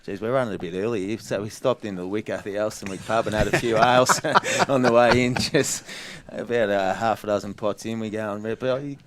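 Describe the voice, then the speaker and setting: A man's voice: fairly low pitch, steady tone, fairly quick, few pauses. A man with an Australian accent, a former footballer telling a story as a guest, chuckling and poking fun at himself. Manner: laughs while telling, self-mocking. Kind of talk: casual storytelling.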